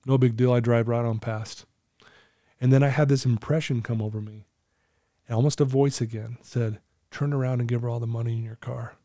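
A man's voice: mid-range voice, dark tone, no echo, clean studio sound. A man in his fifties, a recovery coach, telling a personal story as a podcast guest in an earnest, emotional way, laughing easily.

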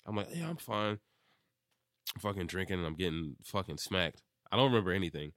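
A man's voice: deep voice, animated, fairly quick, fairly bright tone, dry recording, studio quality. A young man telling a rambling drunk story in casual chat, laughing often and filling with "like.".

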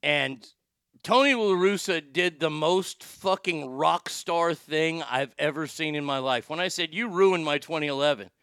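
A middle-aged man from Texas hosting a talk show, telling stories in a profane, animated, rambling way. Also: fairly high pitch, measured pace, clear, resonant tone, dry recording, studio quality. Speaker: podcast host, former sports broadcaster. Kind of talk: casual storytelling monologue.

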